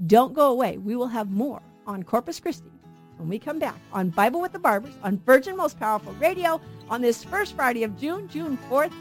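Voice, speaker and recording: A woman's voice: a little high, animated, a little fast, soft background music. Earnest woman teaching Bible on radio. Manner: earnest teaching, asks rhetorical questions. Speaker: radio Bible show co-host.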